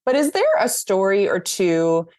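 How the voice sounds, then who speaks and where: A woman's voice: medium pitch, very animated, a little slow, a little mellow. Woman, podcast host, encouraging, rambling questions. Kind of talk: podcast interview.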